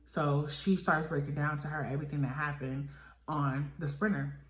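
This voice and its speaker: A young woman with a low voice talks through a reality-show episode in a loose, chatty way, leaning on fillers and slipping into the cast's lines. The sound is roomy and echoey. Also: fairly even intonation, moderate pace. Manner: chatty, filler-heavy, voices the cast in quotes. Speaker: reality TV recap vlogger. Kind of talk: casual episode recap. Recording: echoey room.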